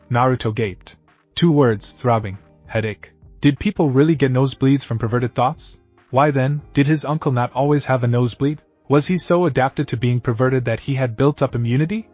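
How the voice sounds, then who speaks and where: Male narrator, steady story reading, mid pitch, slightly muffled audio. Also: moderate pace. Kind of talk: scripted fan-fiction narration. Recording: dull lo-fi audio. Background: faint background music.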